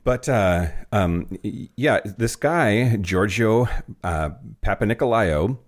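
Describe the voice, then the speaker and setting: A man's voice: on the low side, animated, slow. A man co-hosting a casual podcast, joking and swearing a lot, often restarting his sentences. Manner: profane, joking, lots of restarts. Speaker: podcast co-host.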